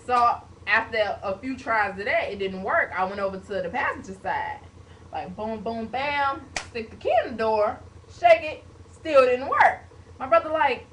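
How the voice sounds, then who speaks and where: A young woman vlogger at home tells a story to her webcam at normal speed, lively and casual, adding sound effects like "boom" and "bam." The distant webcam mic picks up a faint hiss.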